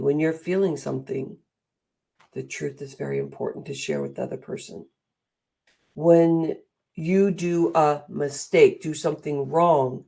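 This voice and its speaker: A middle-aged woman giving a motivational talk, animated and acting out the voices she quotes. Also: low-pitched, vocal fry, slightly rough. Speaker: speaker and coach.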